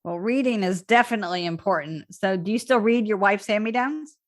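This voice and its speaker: A woman's voice: medium pitch, fairly quick. A woman hosting a casual podcast interview, asking friendly, curious questions. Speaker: podcast host.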